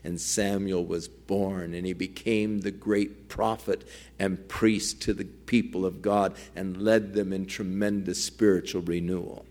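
A man's voice: sits low, fairly even intonation, a little slow, a little mellow. Earnest male preacher. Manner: earnest storytelling, acting out quoted dialogue. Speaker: pastor. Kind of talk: sermon.

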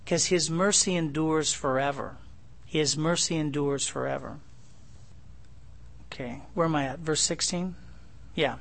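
A middle-aged pastor teaches through a Bible passage verse by verse in a folksy, conversational manner, throwing rhetorical questions at his listeners. His voice is fairly high-pitched with a fairly bright tone.

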